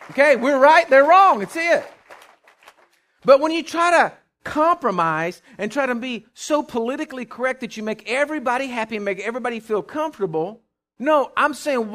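A preacher in full sermon, his voice riding high and leaping all over its range. He is emphatic and calls out to the congregation, swinging from near-shouts down to hushed asides. The tone is bright and ringing. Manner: emphatic, call-and-response, swings from loud to hushed. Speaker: pastor.

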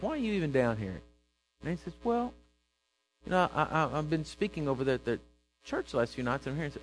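A man preaching a sermon, telling a story and acting out its characters with bursts of loud emphasis. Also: a little high, lively intonation, fast, soft background music, poor audio.

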